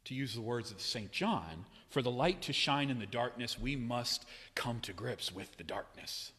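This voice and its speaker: Bright-voiced preacher man in a reverberant hall. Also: expressive, moderate pace, slightly rough. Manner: dynamic preaching, swinging from loud cries to hushed low tones. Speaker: pastor. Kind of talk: sermon.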